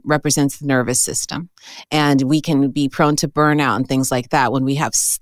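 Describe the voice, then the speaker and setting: Chatty low-voiced woman giving an astrology reading. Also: no room sound, clean studio sound. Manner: chatty, animated, often says "okay?" and "right?". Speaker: astrologer host.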